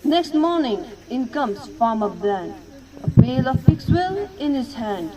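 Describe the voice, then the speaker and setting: Woman reciter, slow and emphatic poetry delivery, standing well back from the mic. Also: high-pitched, sing-song, warm tone. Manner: measured, emphatic storytelling delivery. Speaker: elocution contestant. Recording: voice distant from the mic.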